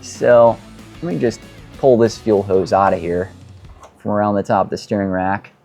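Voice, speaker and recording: A man's voice: on the low side, normal speed, a little mellow, soft background music. A man working as a mechanic, chatting in a rambling, self-deprecating way as he works on a car in his workshop. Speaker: mechanic and show host. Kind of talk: casual talk while working on a car.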